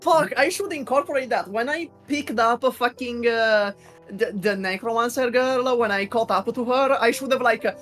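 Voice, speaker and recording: A man's voice: extremely high pitch, moderate pace, fairly bright tone, soft background music. A man playing a tabletop game who jokes around, stammering and hesitant as he talks. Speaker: player. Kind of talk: casual banter before a tabletop game.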